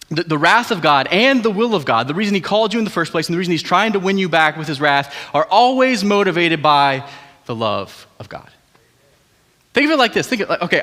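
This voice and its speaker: A young man preaching a sermon as pastor, telling family stories in a conversational, animated way with asides to the congregation. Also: fairly high pitch. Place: large church auditorium. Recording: hall reverb.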